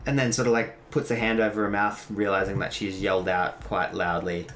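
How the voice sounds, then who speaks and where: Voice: sits low, level tone, fairly quick, fairly bright tone, a little hiss or hum. A game master narrating a tabletop game, hesitant and full of ums.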